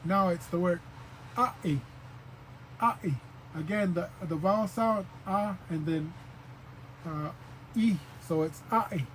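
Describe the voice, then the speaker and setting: A man with a fairly high voice teaches a language lesson at an easy, patient pace. He repeats each sound slowly and fills pauses with um and uh. Faint background noise sits under the recording. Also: low-quality recording. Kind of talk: informal spoken lesson.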